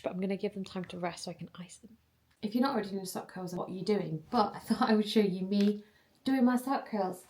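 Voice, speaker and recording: A young woman chatting casually in a vlog, giggly and quick to get excited. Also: mid-range voice, echoey room. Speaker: vlogger and personal trainer.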